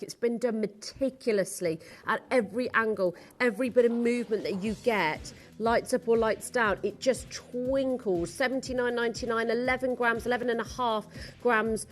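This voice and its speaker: A young adult woman presenting on live shopping TV in a studio, gushing and theatrical. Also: on the high side.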